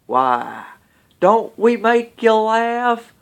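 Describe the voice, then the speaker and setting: A man's voice: high-pitched, sing-song, extremely slow, vocal fry, smooth, pitched above the performer's own voice, heavily acted. A man voicing a menacing, mocking male killer clown, sneering and drawing his threats out. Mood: mocking menace.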